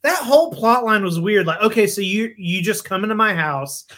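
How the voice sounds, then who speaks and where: A podcast co-host in casual chat. This voice sounds incredulous and jokes a lot, with a mid pitch. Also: animated, normal speed, a bit bright.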